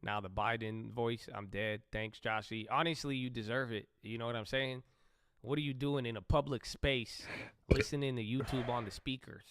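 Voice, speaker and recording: Bright, smooth-voiced man hosting a stream. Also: medium pitch, fairly even intonation, normal speed, no room sound. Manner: rambling, joking, profane. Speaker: live stream host. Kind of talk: casual chat while trading.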